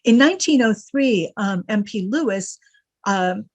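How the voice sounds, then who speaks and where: A woman giving an academic lecture in a dry, close recording. She reads quoted passages with lively emphasis and drops wry asides between them. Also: medium pitch, unhurried, no room sound, highs cut off. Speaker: guest lecturer.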